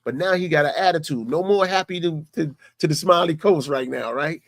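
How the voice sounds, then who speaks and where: Brief: male vlogger, easygoing storyteller, fairly high voice, dry close sound. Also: brisk, dry recording. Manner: conversational, repeats "you know what I'm saying". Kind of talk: casual storytelling.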